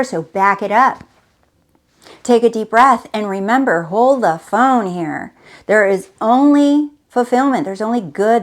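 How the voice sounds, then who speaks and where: A woman hosting a spiritual motivational talk, speaking emphatically and repeating herself as she coaxes the listener directly. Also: medium pitch. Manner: emphatic, repetitive and coaxing, addressing the listener directly. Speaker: host.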